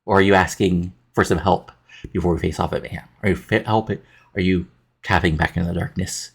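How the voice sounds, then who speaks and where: A man voicing a possessive cult-leader wrestler with a low, rough, husky voice. He reads each threat flatly, like a line from a script, as the story scenes in a wrestling game are recapped. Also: fairly quick, full character voice. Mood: menacing.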